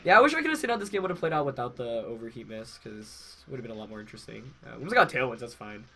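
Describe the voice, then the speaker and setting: A man's voice: medium pitch, sing-song, very fast, creaky, pushed and bright, slightly rough. A young man with a head cold, congested, casually commentating his own match while thinking aloud with fillers and self-corrections. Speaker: game commentator.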